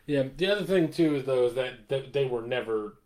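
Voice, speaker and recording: Casting: man, podcast host, relaxed profane sports talk, medium pitch. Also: a little fast. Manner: laid-back, swears, laughs often. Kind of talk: casual sports chat.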